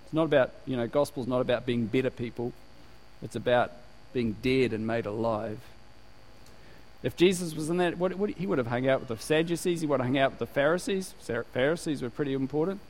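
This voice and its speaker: A man's voice: medium pitch, fairly quick, darkish tone, poor audio. A man from New Zealand preaching a sermon with energy, laughing and slipping into put-on voices to make his points. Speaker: pastor.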